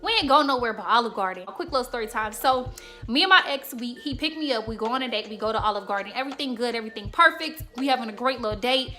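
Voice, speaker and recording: A woman in her twenties from the Chicago suburbs chats frankly and in slang, speaking straight to her viewers in a storytime vlog. Her voice sits a little high and rings bright and forceful. Light music plays quietly behind her. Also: animated, fast talker. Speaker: YouTuber.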